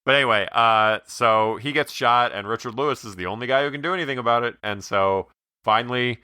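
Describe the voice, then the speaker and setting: A man's voice: medium pitch, brisk, bright, forceful tone, clear, resonant tone, no echo, studio quality. A man co-hosting a movie podcast, casually and enthusiastically retelling a favorite scene and laughing along. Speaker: podcast co-host. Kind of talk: casual movie review chat.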